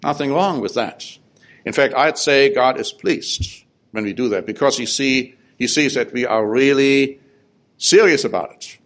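Slow, deliberate male preacher. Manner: reads psalms aloud, rising in pitch on the pleas. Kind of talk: sermon with scripture reading.

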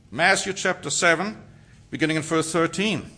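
Male preacher, bright, forceful voice, emphatic sermon delivery, rhetorical questions. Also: a little high, expressive, unhurried. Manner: emphatic, rhetorical questions, reads scripture aloud.

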